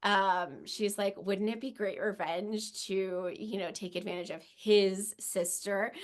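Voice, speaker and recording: A young woman co-hosting a casual book podcast, enthusiastic and quick, full of "like". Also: medium pitch, fairly even intonation, slight background noise. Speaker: podcast co-host.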